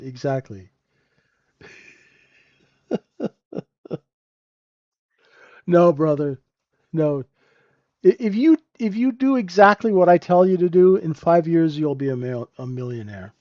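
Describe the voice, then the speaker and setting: A man runs a live trading room with unhurried, blunt, joking commentary, constantly checking in with "right?". His voice sits a little high, and the audio is dry and slightly dull, like a lo-fi stream. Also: lively intonation, warm tone, no room sound. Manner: casual, joking, keeps asking "right?"; blunt and profane. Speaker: trading room host and mentor.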